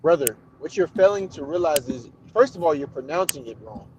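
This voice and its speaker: A man's voice: fairly high pitch, expressive, brisk, darkish tone, lo-fi sound, a little hiss or hum. A man calling into a heated debate, insisting on his point, repeating himself and saying "brother" often.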